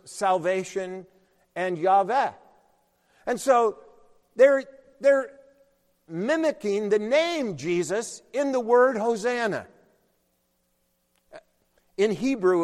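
A man preaching a sermon, explaining patiently and rising loud when he quotes scripture. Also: on the high side. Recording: long hall reverb.

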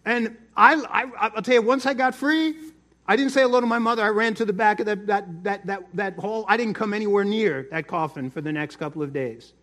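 In his sermon, this middle-aged pastor shares a personal story conversationally, repeating words often. He speaks a little fast in a high-sitting voice with a fairly bright tone.

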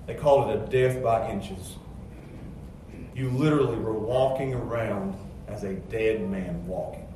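A man preaching a sermon, moving between quiet, low storytelling and loud, emphatic passages. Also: measured pace, a little hiss or hum. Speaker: pastor. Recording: echoey church sound from a distance.

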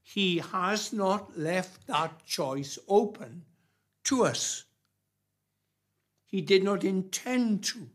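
A man preaching a sermon, emphatic and repetitive, with long pauses between phrases. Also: high-pitched, lively intonation.

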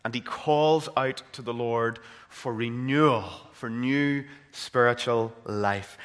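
A man's voice: mid-range voice, slow pace, few pauses, fairly bright tone, long reverb tail. A man with a Northern Irish accent preaching a sermon, earnest and building to impassioned emphasis. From Northern Ireland.

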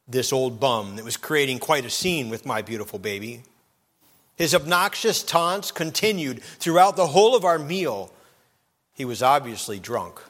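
Man preaching a sermon in an echoing church. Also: mid-range voice. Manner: dramatic storytelling, swinging between loud and hushed. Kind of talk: sermon with a told story.

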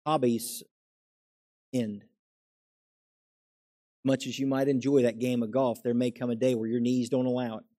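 Pastor guy preaching, mid voice, goes from soft to loud and emphatic. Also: medium pitch, flat delivery, moderate pace, pauses often. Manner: emphatic preaching, swinging from soft asides to loud raised exclamations. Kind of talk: sermon.

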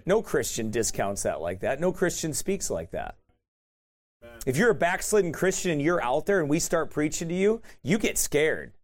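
A man with a slightly high voice, speaking at a moderate pace, preaches a sermon in which he retells an encounter. His delivery is animated and colloquial, emphatically repeating the key points.

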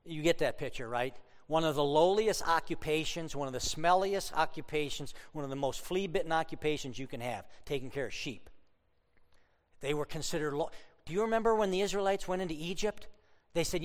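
A man preaching a sermon, telling stories with humor and sudden loud outbursts. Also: fairly high pitch, fairly quick, in a large hall. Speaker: pastor.

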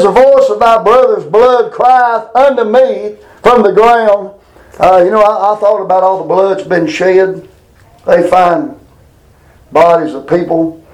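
A man's voice: high voice, a little mellow, reverberant, rough recording. A man preaching a plainspoken Bible sermon, reading scripture aloud and adding folksy asides.

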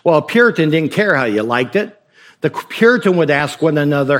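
Male pastor with a slightly high voice, preaching casually with questions and jokes. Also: sing-song, fairly quick, fairly bright tone. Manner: conversational preaching with rhetorical questions and humor. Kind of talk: sermon.

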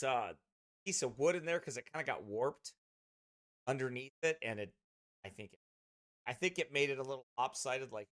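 Rambling pastor chatting into a dry mic. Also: male voice, medium pitch, fairly bright tone, no room sound. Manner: rambling, chatty, with many restarts. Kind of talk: casual chat with a streaming congregation. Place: at a desk beside his streaming computer. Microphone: streaming mic close at his desk.

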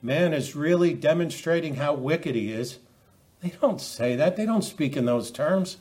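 A man's voice: a little high, lively intonation, measured pace, a little mellow. A man preaching a sermon, often restarting and repeating words as he quotes scripture.

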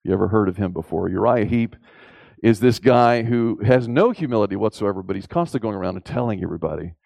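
A male preacher with a low, gravelly voice delivers an emphatic sermon. He pushes his pitch up on key points and poses rhetorical questions. The sound is close and dry. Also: animated, fast talker, a little mellow, dry recording.

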